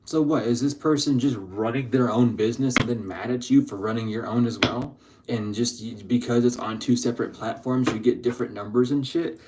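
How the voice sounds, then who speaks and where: A man's voice: brisk, background noise. Chatty, profane man giving a tarot reading. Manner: chatty, slangy and profane, laughing often; drifts between loud excited bursts and low mutters. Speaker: tarot reader. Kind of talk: casual spiritual tarot reading.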